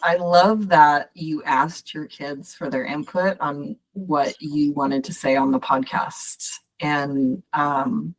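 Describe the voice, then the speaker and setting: Brief: woman, coach hosting a podcast, lowish voice, encouraging. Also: fairly even intonation, takes it slowly, few pauses. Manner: encouraging, addresses listeners directly. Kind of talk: casual podcast conversation.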